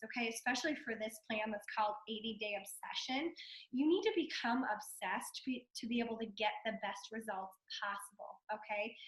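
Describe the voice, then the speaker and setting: A woman in her thirties, hoarse from a cold, giving a chatty motivational fitness talk full of "like" and "okay". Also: fairly high pitch, a bit bright. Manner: chatty, fillers and repeated okay. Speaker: fitness coach guest. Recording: echoey room.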